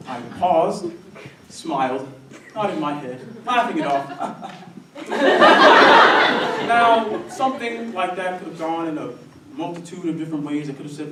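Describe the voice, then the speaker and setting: Young man with a lively comic delivery. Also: high voice, normal speed, slight background noise. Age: young adult. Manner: wry, animated storytelling. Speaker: student solo performer. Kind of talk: comic theatre monologue. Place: theatre stage before a live audience. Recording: roomy stage sound from a distant mic.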